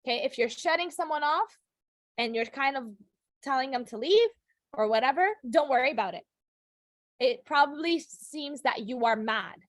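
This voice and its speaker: Woman English teacher, high voice, close and dry sound, friendly classroom lecture style. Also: moderate pace, dry recording. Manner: upbeat, chatty, with fillers and self-corrections. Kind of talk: classroom lecture recorded for video.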